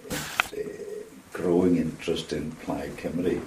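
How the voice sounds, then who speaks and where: A man in his seventies with a Welsh accent, recalling his past in an interview, measured and pausing with frequent ums. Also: a bass voice, fairly even intonation, warm tone, a little hiss or hum. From Wales. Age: 70s. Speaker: interview guest. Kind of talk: reminiscing interview answers. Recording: roomy sound from a distance.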